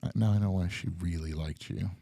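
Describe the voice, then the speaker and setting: A man with a low voice tells a meandering story in casual podcast chat, cursing freely and laughing along the way. The sound is dry and close, with no room around it. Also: a little fast, gravelly, dark tone, no room sound. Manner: rambling, profane, laughs often. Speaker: guest comedian.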